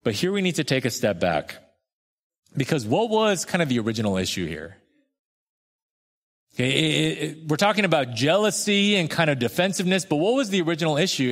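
A man preaching a sermon in a conversational way, acting out quoted voices and slowing down for emphasis. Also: a little high, big pitch swings. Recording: long hall reverb.

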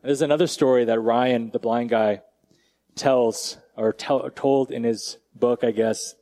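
A male pastor preaching a conversational sermon, casual and direct, who often drops to a quiet, slow emphasis. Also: mid-range voice, fairly even intonation.

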